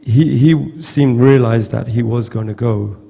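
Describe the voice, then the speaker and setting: A man giving a halting, heartfelt storytelling tribute at a memorial gathering, often repeating words. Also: medium pitch, mellow, in a large hall. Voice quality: gravelly. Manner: halting, repeats words, acts out quoted voices. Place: temple hall with long reverb.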